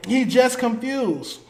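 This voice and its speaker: High-voiced man ranting to viewers. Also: fairly bright tone, reverberant. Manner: heated, emphatic, repeats points. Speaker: host. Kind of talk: solo commentary.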